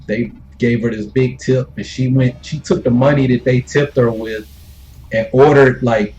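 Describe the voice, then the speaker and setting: This is a male gaming streamer who chats loosely and unhurriedly while he plays. He swears freely, chuckles between lines, and keeps his voice at an everyday middle pitch. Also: fairly even intonation, moderate pace, a little mellow, slight background noise, rough recording. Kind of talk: casual storytelling while streaming.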